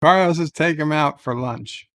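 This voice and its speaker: A man's voice: on the high side, normal speed, a bit bright. A man streaming a strategy game, reacting aloud with grumbles, curses and cheers. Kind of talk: live game commentary.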